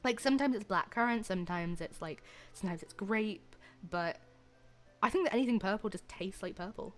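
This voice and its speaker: A woman's voice: medium pitch, brisk, soft background music. A young woman chatting playfully with her stream viewers, rambling and giggling. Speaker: livestreamer. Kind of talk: casual chat with viewers.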